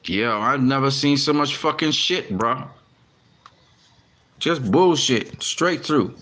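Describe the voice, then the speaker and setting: A man talks to his viewers about boxing in a loose, unscripted way. His voice sits at an ordinary middle pitch. He swears freely, stumbles through restarts and fillers, and gets openly annoyed when things go wrong. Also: lively intonation, takes it slowly, fairly bright tone. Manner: frustrated, heavy swearing, many restarts. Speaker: boxing commentary vlogger. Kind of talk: casual talk to camera.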